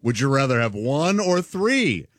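A man co-hosting a morning radio show, telling jokey stories in a drawn-out way. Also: medium pitch, very animated, fairly bright tone, no echo, clean studio sound. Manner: joking, drawn-out storytelling. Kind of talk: casual morning radio banter.

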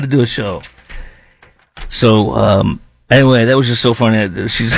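A man hosting his own podcast, giving animated, mocking commentary and laughing between remarks. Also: medium pitch, measured pace, creaky, dry recording. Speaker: podcast host. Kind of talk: opinionated commentary.

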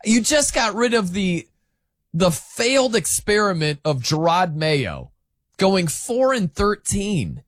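A man's voice: high voice, big pitch swings, slow pace, no echo, clean studio sound. A man hosting sports talk, giving opinionated, emphatic commentary that rambles with restarts.

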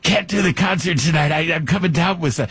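A man doing an impression of a cheeky elderly British rock singer, with a raspy, high, strained voice. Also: fairly quick, fairly bright tone, slight background noise, lightly acted. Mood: apologetic.

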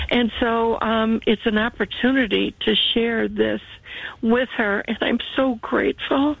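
A woman calling in to a faith radio program, talking earnestly and haltingly with frequent restarts. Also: fairly high pitch, fairly even intonation, creaky, dry recording, poor audio. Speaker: radio call-in listener. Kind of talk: grateful call to a faith radio show.

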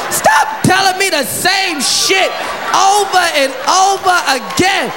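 A male stand-up comedian doing a loud, shouting routine for a live audience. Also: extremely high pitch, takes it slowly, background noise. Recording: live club with crowd laughter.

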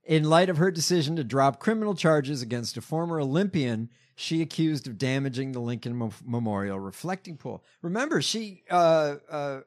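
Male podcast host, casual political commentary, rambling and sarcastic, voice a little high. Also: animated, normal speed, hardly any pauses. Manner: rambling, sarcastic, with many fillers.

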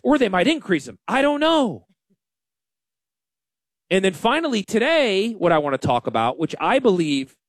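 A man hosting a financial radio show, talking in a folksy, self-deprecating, animated way. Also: on the high side, dry recording, clean studio sound. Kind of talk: casual radio talk.

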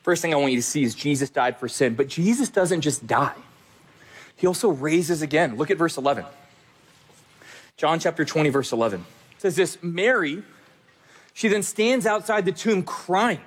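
A man's voice: on the high side, normal speed, long pauses, husky. A male pastor preaching a sermon, speaking emphatically and repeating phrases for stress.

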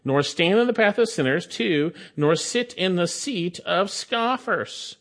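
Male preacher, slightly high voice, emphatic and repetitive delivery. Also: lively intonation, unhurried, fairly bright tone. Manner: emphatic, repeats phrases for stress. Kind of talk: sermon.

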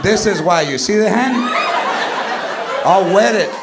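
A man's voice: high-pitched, animated, unhurried, creaky, very noisy, heavily acted. A man impersonating a strict, threatening Mexican mother who scolds her son, mixing in Spanish words, in a stand-up set. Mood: mocking scolding. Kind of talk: stand-up impression. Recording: live club with loud crowd. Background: loud audience laughter.

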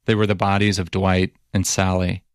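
A man narrating a documentary story as reporter in a measured, even way, also asking interview questions. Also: low-pitched, clean tone, no echo, clean studio sound.

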